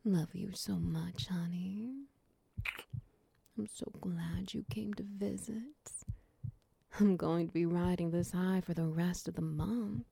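A woman in a whispered role-play, voicing a large, doting, protective lover who coos, teases softly and slips into whispers. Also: on the low side, fairly even intonation, gravelly, no room sound. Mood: tender. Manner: slow, soft, cooing and teasing, drifting into whispers. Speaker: voice actor in audio role-play.

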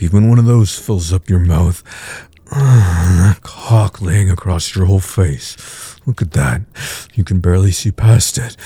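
A man playing a low, husky dominant lover. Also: mellow, heavily acted. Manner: low taunting murmur, many breathy grunts. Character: dominant teasing adult man, commanding. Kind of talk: audio role-play.

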